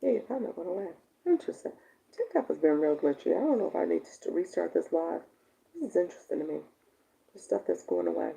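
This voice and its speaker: Gravelly, dark-voiced woman chatting on a live stream. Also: fairly low pitch, very animated, fast. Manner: chatty, laughs often, reads viewer comments aloud. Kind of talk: casual live-stream chat with viewers. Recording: dull lo-fi stream audio.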